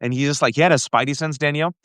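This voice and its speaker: A man earnestly recounting a family ordeal in an interview, halting often and restarting his sentences. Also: a little high, steady tone, a bit bright, smooth, no echo, clean studio sound. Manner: earnest, halting, with restarts and frequent direct address. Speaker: guest. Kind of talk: emotional personal storytelling in an interview.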